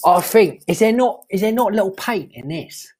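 A man's voice: high-pitched, lively intonation, moderate pace, a little mellow, pitched above the performer's own voice. A man playing a blustering, swearing Cockney market trader who has taken up art, in an improvised comedy sketch. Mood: pushy. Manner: blustering, swearing, mock-defensive.

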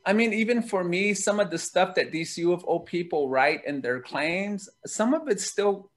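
A man telling a story as an interview guest, lively and laughing as he goes. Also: high voice, normal speed. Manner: lively, laughs while telling, acts out quoted voices. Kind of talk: animated storytelling.

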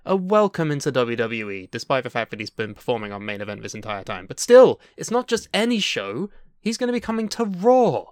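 A man's voice: medium pitch, big pitch swings, fairly quick, dry recording, clean studio sound. A man co-hosting a casual wrestling news podcast, teasing and sarcastic, swearing freely. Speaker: podcast co-host.

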